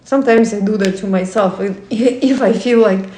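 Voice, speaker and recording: A woman's voice: medium pitch, normal speed, warm tone. A woman hosting a casual talk, reading from a book and asking the listener reflective questions, with non-native English phrasing and frequent self-corrections. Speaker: host. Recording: roomy echo.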